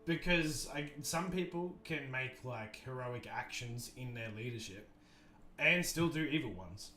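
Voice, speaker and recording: A man hosting a livestream, chatting casually and thinking out loud, restarting his sentences often. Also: medium pitch, lively intonation, a little slow, a little hiss or hum. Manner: rambling, thoughtful, many restarts and fillers. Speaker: livestream host. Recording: roomy echo, faint music behind.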